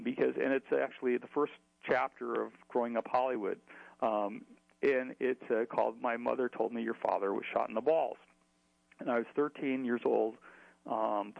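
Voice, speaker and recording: A man's voice: medium pitch, creaky, no room sound, muffled recording. A man telling a long story in an interview, chatty, with many fillers and restarts. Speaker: author.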